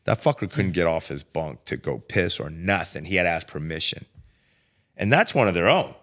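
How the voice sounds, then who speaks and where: A man with a very low voice tells his story on a podcast. He talks casually and with energy, full of swearing and "dude" and "bro.". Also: moderate pace. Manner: profane, animated, lots of filler like "dude" and "bro". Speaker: podcast guest telling his life story.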